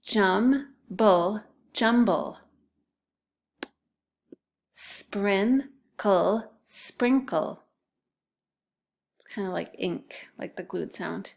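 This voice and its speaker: Slow, careful woman teaching spelling. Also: lowish voice, vocal fry. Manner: slow, careful syllable-by-syllable dictation. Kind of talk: phonics spelling lesson.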